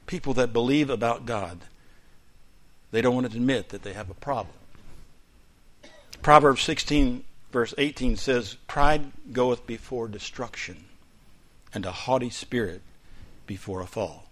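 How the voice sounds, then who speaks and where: A male pastor preaching a sermon, moving between loud declarations and quiet, hushed asides. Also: mid-range voice, measured pace, pauses often.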